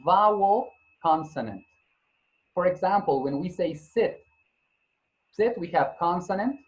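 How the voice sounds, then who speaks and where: Here a high-pitched male English teacher teaches grammar on a low-quality recording. He's patient, repeating points, spelling out letters, and catching and correcting himself mid-sentence.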